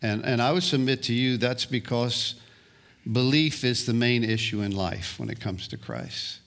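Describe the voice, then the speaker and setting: A male pastor preaching a sermon, slow and deliberate, often restarting and repeating words. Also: mid-range voice, gravelly, fairly bright tone.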